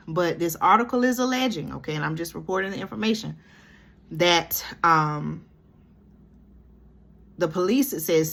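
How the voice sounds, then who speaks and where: A woman's voice: on the low side, fairly bright tone. A woman from Georgia, commenting on a news article she reads aloud, breaking in often with "okay?" and "y'all". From Georgia, USA. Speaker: commentary vlogger.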